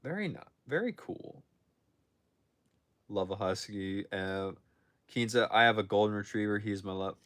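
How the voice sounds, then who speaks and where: A man's voice: on the low side, animated, moderate pace, long pauses, fairly bright tone. A young man chatting casually on a livestream from his phone, answering viewer questions with frequent restarts and self-corrections. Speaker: livestream host answering chat.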